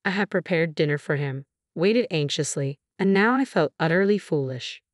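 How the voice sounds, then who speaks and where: A woman narrating a first-person drama story in an even, steady reading voice. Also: low voice, normal speed, no room sound, studio quality.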